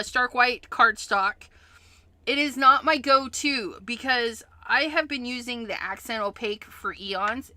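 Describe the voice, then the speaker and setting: A woman's voice: a little high, sharp tone, dry recording. A woman hosting a craft livestream, chatting casually as she explains each step she works on.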